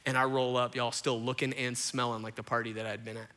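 Bright-voiced pastor preaching in a hall. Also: male voice, medium pitch, fast. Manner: animated storytelling, addresses crowd as y'all. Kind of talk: sermon. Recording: long hall reverb.

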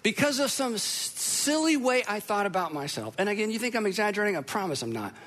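A middle-aged man preaching a sermon, telling a personal story with self-deprecating jokes and animated asides. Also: high voice, fast.

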